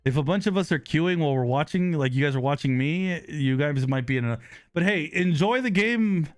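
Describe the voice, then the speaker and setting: Excitable man live-streaming a game. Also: on the high side, brisk, dry recording, studio quality. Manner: excitable, loud exclamations and apologetic laughs. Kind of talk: live gaming stream chat. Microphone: close desk microphone.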